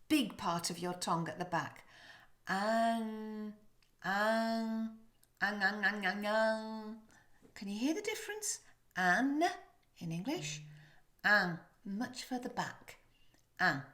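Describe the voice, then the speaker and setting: A woman teaching French pronunciation, demonstrating sounds slowly and coaching the viewer to repeat. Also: mid-range voice. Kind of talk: pronunciation lesson to camera.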